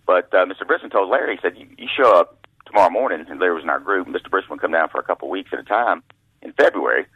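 A guest author who used to caddy tells folksy stories at a racing clip during a phone interview. His deep, husky voice is animated, mimicking other people, on a dry, tinny line with no echo.

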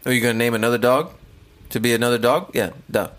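A man's voice: medium pitch, steady tone, fast, fairly bright tone. A man co-hosting a podcast, joking in casual banter and arguing in a playfully stubborn way. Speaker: podcast co-host.

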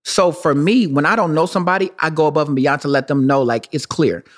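A man co-hosting a casual podcast chat, an animated storyteller who laughs often. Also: a little high, a little fast. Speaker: podcast co-host.

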